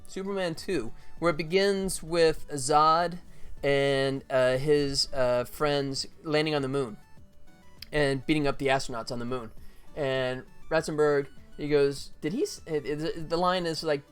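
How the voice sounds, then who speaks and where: A man's voice: on the high side, steady tone, measured pace, clear, resonant tone, faint music behind. A middle-aged man casually telling anecdotes on a livestream, rambling with many fillers and tag questions. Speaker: game developer streaming his work.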